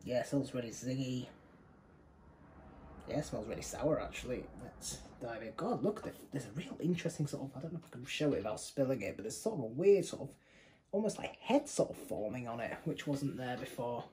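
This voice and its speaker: A man's voice: medium pitch, expressive, a little fast, dark tone, slight background noise, low-quality recording. Chatty young British man reviewing beer. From United Kingdom. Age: young adult. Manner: chatty, rambling, self-correcting. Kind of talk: casual tasting review.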